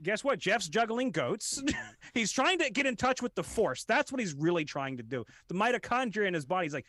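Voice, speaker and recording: A young man riffing through improvised comedy banter as a podcast guest, laughing often and stammering through quick restarts and impressions. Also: sits high, very animated, bright, forceful tone, no echo.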